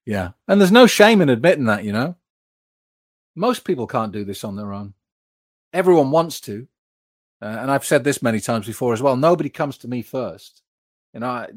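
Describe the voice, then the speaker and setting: A British man hosting a live stream, chatting frankly and reading out viewer comments with plenty of fillers. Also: medium pitch. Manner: frank, conversational, many fillers. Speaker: host.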